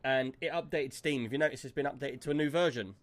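A man's voice: medium pitch, fast talker. A British man hosting a gaming podcast, blunt and teasing in casual chat. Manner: blunt, mocking banter. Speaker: podcast host.

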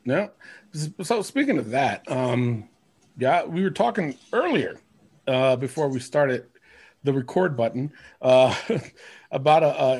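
A man's voice: medium pitch, darkish tone. A man hosting a casual podcast chat, laughing often and joking with his co-hosts. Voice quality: gravelly, husky, laughs often. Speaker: podcast host.

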